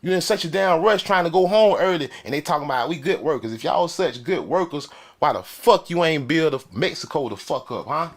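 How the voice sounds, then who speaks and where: A man delivering a loud, profane, mocking comedic rant on a desk mic with a soundboard. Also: fairly high pitch, lively intonation, fairly quick, few pauses. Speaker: comedic commentator.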